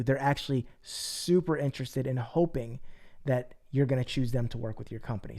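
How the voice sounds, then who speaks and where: A man coaching students on prospecting in an energetic, informal way, acting out sample conversations. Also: mid-range voice. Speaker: network marketing trainer. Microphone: phone. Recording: echoey room, faint ambience, phone recording.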